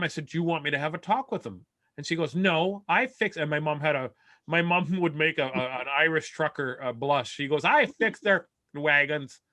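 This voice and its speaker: A man's voice: fairly high pitch, bright, forceful tone, no echo. A man from Canada telling a comic family story over a video call, rambling along with stammered restarts and laughing at his own jokes. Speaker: comedian.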